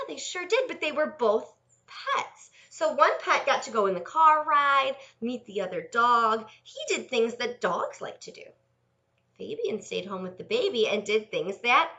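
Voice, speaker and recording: A young woman librarian reading a picture book and leading a sing-along for small children at home, in a sing-song voice with big pitch swings. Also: pushed and bright, lo-fi sound.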